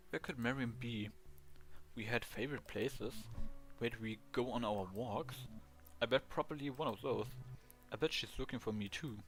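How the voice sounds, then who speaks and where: A man's voice: medium pitch, measured pace, pauses often, soft background music, lightly acted. A man with a German accent reading the lines of a cheerful, eager male ghost dog in a video game. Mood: earnest. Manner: earnest, eager, simple phrasing.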